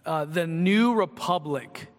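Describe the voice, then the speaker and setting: Man preaching, high voice, conversational sermon, long hall reverb, church sanctuary. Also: takes it slowly. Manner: conversational preaching with asides and acted quotes. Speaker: pastor.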